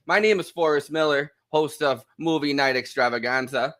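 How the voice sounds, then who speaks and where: A man's voice: fairly high pitch, moderate pace, few pauses, a bit bright. An American man hosting a podcast, chatting loosely and joking with frequent laughs. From United States. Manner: loose and jokey, laughs often. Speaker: podcast host. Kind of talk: casual podcast chat.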